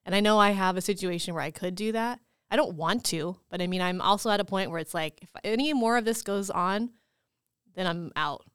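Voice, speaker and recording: A woman from California co-hosting a podcast, talking in an earnest, measured way with many fillers. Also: mid-range voice, a bit bright, clean tone, no echo, studio quality. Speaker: podcast co-host. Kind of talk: casual chat.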